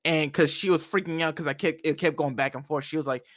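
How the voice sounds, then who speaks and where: A young man tells stories in a lively, laugh-filled way. His voice sits a little high, and the sound is close and dry with no room around it. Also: fast, no echo. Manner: laughs often, animated storytelling. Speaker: podcast guest, fighting game player. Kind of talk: casual podcast chat.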